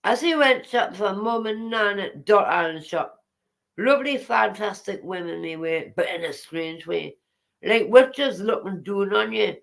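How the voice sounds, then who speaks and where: A woman's voice: mid-range voice, lively intonation, a little slow, gravelly. Chatty woman reading aloud. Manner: chatty, digressive, teasing asides. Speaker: vlogger reading her memoir aloud.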